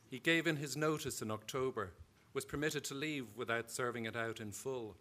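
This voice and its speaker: A man with an Irish accent, an author reading his own fiction aloud at a live event in a measured storytelling way. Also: medium pitch, a bit bright, slight background noise.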